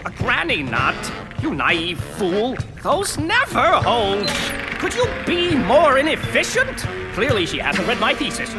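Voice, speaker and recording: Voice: mid-range voice, huge pitch swings, a little slow, over loud music. A voice actor playing a vain, scheming know-it-all mutant in a cartoon, talking down to everyone in a haughty, pompous way. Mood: gloomy, scornful. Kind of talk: cartoon voice acting.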